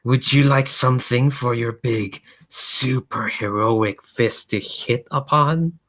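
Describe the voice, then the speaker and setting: A man's voice: medium pitch, takes it slowly, fairly bright tone, pitched above the performer's own voice. A man doing a sneering whispering alien hive. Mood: mocking. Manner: mocking, condescending.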